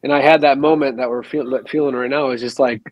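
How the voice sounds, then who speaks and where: A man hosting a podcast, talking in a relaxed, reflective way with casual swearing. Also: mid-range voice, quick pace, dry recording, dull audio. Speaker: podcast host. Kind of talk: casual conversation.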